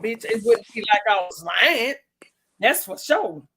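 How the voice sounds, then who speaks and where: Fiery, bright-voiced woman ranting. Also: mid-range voice, expressive, a little slow, a little hiss or hum. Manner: heated, cursing, breaks into shouting. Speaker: livestream host. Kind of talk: profane angry ranting chat.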